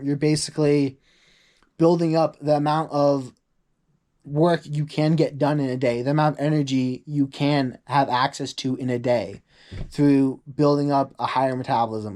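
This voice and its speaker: A young man talking casually in a rambling vlog monologue, full of "like" asides, acting out quoted people in a higher voice. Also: warm tone. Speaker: vlogger.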